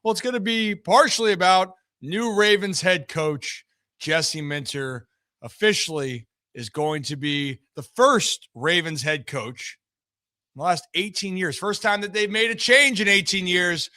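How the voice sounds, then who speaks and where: A man's voice: high-pitched, animated, a little slow, sharp tone, dry recording, clean studio sound. A man hosting a live sports talk show, chatting upbeat and straight to his viewers.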